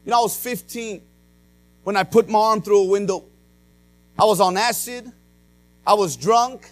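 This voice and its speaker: A man with a high voice preaches a sermon as a pastor, swinging from loud to hushed as he tells his story. He peppers his talk with "uh" and "amen". A faint mains hum sits under the recording. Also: normal speed, no room sound. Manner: frequent "uh" and "amen" fillers.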